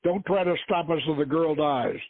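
Male reader as a sneering terrorist boss, barked orders, husky, dry lo-fi radio. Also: fairly high pitch, unhurried, no room sound, voice pushed up. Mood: menacing. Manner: commanding, taunting. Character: menacing male terrorist leader, mocking. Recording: dry phone-like radio sound.

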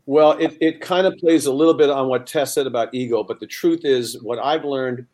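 A middle-aged man, a singer, chatting casually and telling stories and jokes with lively voices. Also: medium pitch, moderate pace. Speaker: singer and guest.

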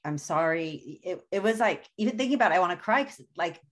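A woman's voice: medium pitch, animated, very fast. A woman, a guest author, speaking in an earnest, reflective way as she tells personal stories in a conversational interview.

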